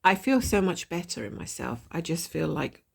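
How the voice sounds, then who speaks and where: A woman with a gravelly voice and a blocked nose from a cold, chatting casually and thinking aloud while she stitches, with a self-deprecating manner. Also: fairly low pitch, sing-song, moderate pace. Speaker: cross-stitch vlogger. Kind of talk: casual stitch-along chat.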